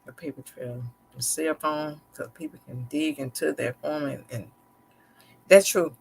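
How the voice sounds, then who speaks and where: A woman's voice: deep voice, a little slow, vocal fry, darkish tone, slight background noise. A chatty woman talks straight to her live-stream viewers, candid and a little sarcastic. Her phrasing is loose and repetitive, full of restarts. She sounds casual and unscripted, like she is confiding in them. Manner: candid, conversational, a bit sarcastic and slick. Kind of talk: casual personal storytelling to viewers.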